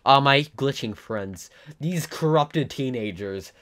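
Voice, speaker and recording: A man's voice: mid-range voice, animated, takes it slowly, fairly bright tone. A teenage boy telling a rambling, self-mocking story in a casual vlog. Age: teens. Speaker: YouTuber.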